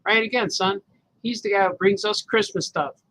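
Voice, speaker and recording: A man's voice: sits high, normal speed, pushed and bright, pitched above the performer's own voice, poor audio. A man reading the lines of a patient, cheerful father explaining things to his son in his comic. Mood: reassuring.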